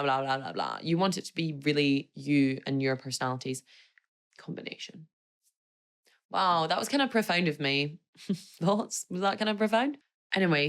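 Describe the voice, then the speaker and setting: A woman's voice: low-pitched, a bit bright. A woman hosting a podcast, chatting casually on her own in a gushing, self-mocking way. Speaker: podcast host. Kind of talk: casual solo podcast chat.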